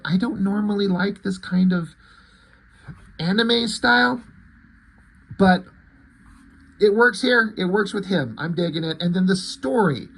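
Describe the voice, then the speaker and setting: Husky-voiced man rambling about comics. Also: sits high. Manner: rambling, crude, many fillers and restarts. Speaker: comic book reviewer. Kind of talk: casual chat.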